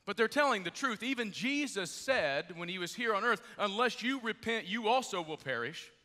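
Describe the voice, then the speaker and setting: A middle-aged man preaching in a large church, his voice pitched high and bright. He jokes and talks to the crowd easily, though a little jet lagged. Long hall reverb trails each line. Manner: lively, joking, conversational preaching. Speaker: pastor. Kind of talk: sermon.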